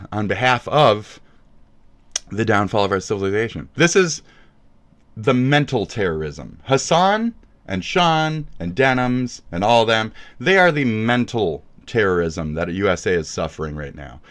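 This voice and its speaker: Loud, profane ranting man. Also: fairly low pitch, big pitch swings, unhurried. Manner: profane, loud, swinging between yelling and mutter. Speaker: livestream host. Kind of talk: ranting livestream talk.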